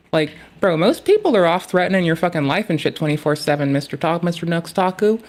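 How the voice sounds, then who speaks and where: A man ranting bluntly in heavily profane casual talk. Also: on the high side. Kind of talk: casual rant.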